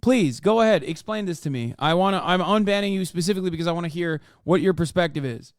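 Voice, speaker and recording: A man in his thirties with a high, clear, resonant voice rants fast as a live streamer reacting to a political interview. Profane and combative, he argues with his chat in heated commentary, recorded with clean studio sound and no room tone.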